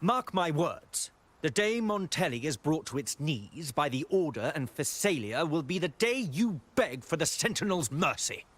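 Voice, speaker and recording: A husky, fanatical church zealot. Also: male voice, fairly high pitch, big pitch swings, a bit bright. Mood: menacing. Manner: slow, ominous threats. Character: zealous male church-order acolyte, menacing and fanatical. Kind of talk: video game voice acting.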